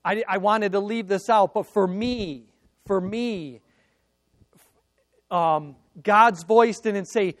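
A man's voice: high voice, slow, pauses often, dry recording. A man preaching a sermon, building through emphatic repeated phrases. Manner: preaching with rising emphatic repetition. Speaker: pastor.

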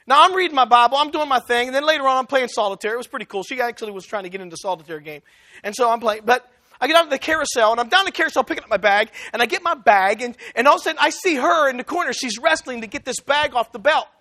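A man's voice: very high-pitched, racing. A man preaching a sermon, telling a story and acting out both sides of the conversation. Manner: animated, acts out both sides of a dialogue.

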